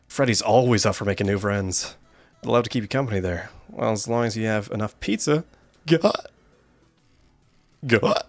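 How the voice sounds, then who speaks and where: A man voicing a friendly, worn-down animatronic bear figure in a video game, delivering a bouncy sales pitch in rhyme. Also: moderate pace, long pauses, soft background music, close to an everyday voice. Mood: chummy. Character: chummy singsong animatronic bear, male, worn down.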